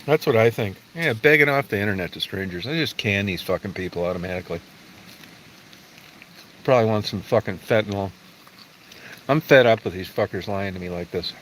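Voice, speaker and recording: A man's voice: fairly low pitch, expressive, fairly quick, pauses often, fairly bright tone, a little hiss or hum, low-quality recording. A middle-aged man livestreaming, chatting with viewers in a blunt, profane, rambling way. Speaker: livestream host. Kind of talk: casual livestream chat answering viewers.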